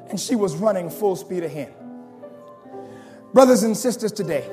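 Man, preacher, very high voice, dramatic sermon storytelling, shouted appeals, faint music behind. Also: expressive, unhurried, pauses often.

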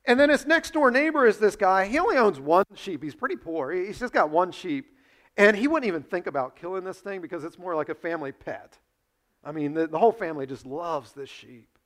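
A pastor preaching a sermon, retelling a story and acting out its dialogue with sudden swings from quiet to loud. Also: male voice, sits high, animated, a little fast. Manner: storytelling, acts out dialogue with big swings in loudness.

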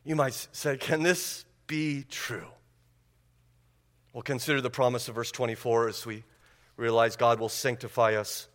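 A man's voice: mid-range voice, a bit bright, in a large hall. A man preaching a sermon as pastor, emphatic and building, repeating phrases for emphasis. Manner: emphatic preaching with rising intensity.

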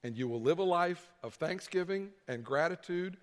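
A pastor with a high, animated voice preaches at a moderate pace in a large hall. He leans on emphatic repetition of key phrases and acts out quotes from people.

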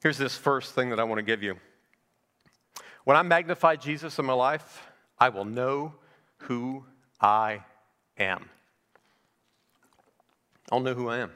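A man's voice: medium pitch, sharp tone, in a large hall. A middle-aged male pastor giving a conversational verse-by-verse sermon, asking rhetorical questions as he goes. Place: church sanctuary.

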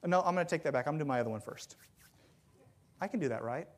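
A man preaching a sermon to a congregation, telling stories with lively, self-deprecating asides. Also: on the high side, very fast. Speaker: pastor. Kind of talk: sermon with jokes. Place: church sanctuary with congregation.

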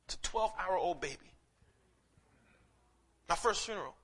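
Young male preacher, high-pitched and bright, animated sermon storytelling, casual slang, restarts often. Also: moderate pace, breathy edge. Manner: animated storytelling, slips into quoted voices, frequent restarts.

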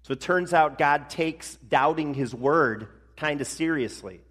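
A male pastor preaching a sermon in a conversational way, slowing down for emphasis. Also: fairly high pitch, fairly bright tone, slightly rough. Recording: long reverb of a large hall.

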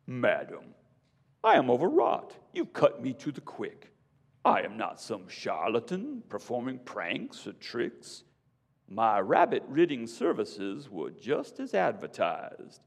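A man's voice: medium pitch, wildly swooping pitch, slow, creaky, heavily acted. A man doing a pompous smug alligator. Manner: pompous, mock-offended. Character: smug bloated male alligator, sly and indignant. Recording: long hall reverb.

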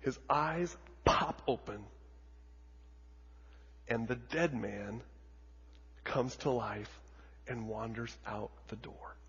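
A man preaching a sermon as a pastor, telling the story dramatically with lots of repetition and moving between hushed and loud delivery. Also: medium pitch, slow, pauses often, breathy edge. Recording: dull audio with long hall reverb.

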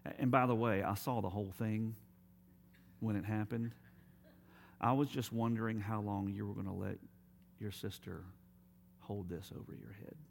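A man voicing a kindly, forgiving grandmother in a gentle, calm way, close to his own voice. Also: on the low side, normal speed, vocal fry, long pauses, a little hiss or hum. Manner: gentle, calm and warm-hearted.

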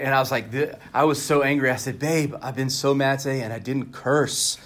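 A man's voice: medium pitch, steady tone, brisk, a bit bright, slight background noise. Candid conversational male pastor preaching. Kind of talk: sermon.

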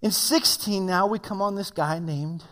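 Brief: high-pitched male pastor, conversational animated sermon, echoing church hall. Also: a little slow. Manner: conversational preaching, animated storytelling. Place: church sanctuary. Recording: long hall reverb.

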